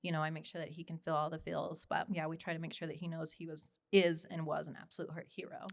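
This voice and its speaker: A woman in her thirties, a podcast guest, talking in casual conversation in an emphatic, animated way. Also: sits low, quick pace, vocal fry. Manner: emphatic and animated, frequent "oh yeah" affirmations.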